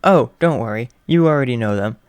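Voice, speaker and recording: A man's voice: medium pitch, animated, a little fast, clear, resonant tone, no room sound, close to an everyday voice. A man voicing a mischievous, pushy young woman who schemes with glee. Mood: gleeful. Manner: bossy, gleeful, pushy.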